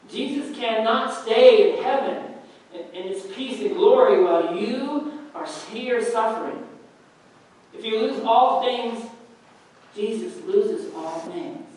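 A man preaching a sermon as pastor, in a measured way with long pauses, heard from a distance in a church. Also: high voice, heavy reverb.

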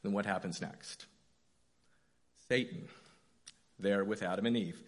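A man's voice: on the low side, steady tone, a little slow. A man in his fifties, a church elder, preaching a conversational, story-driven sermon with self-deprecating asides.

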